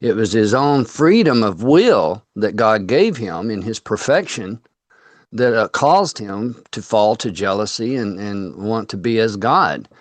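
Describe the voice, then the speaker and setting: A man's voice: lowish voice, lively intonation, unhurried, no echo. A man hosting a casual chat from a home under renovation, rambling along with frequent fillers and laughs. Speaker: host.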